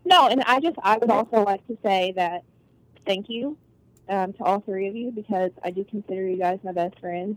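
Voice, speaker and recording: A woman's voice: mid-range voice, warm tone, dry recording, poor audio. Woman guest, mid voice, earnest and heartfelt, dry close recording. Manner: earnest, heartfelt, thoughtful with fillers. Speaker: guest, agriculture academic. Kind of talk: casual podcast conversation.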